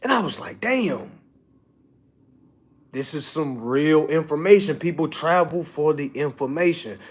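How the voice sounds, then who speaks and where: A man's voice: on the high side, a little slow. A man teaching a seminar, talking casually and with lots of energy to a live audience, often swearing and checking in with the room. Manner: animated, profane, keeps asking "all right?". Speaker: seminar instructor.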